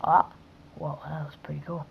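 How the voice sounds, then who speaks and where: A woman recording let's-play commentary who breaks into sudden excited yelps and mutters whispered asides under her breath. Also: low voice, normal speed, vocal fry, highs cut off, noisy background. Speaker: gaming video host.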